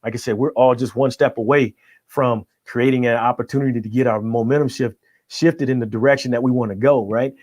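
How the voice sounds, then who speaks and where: A man's voice: medium pitch, steady tone, fairly quick, a little mellow, dry recording. A middle-aged man, a guest coach, giving emphatic motivational talk on a podcast and checking in with his listener after each point. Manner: emphatic, keeps checking in with "right?".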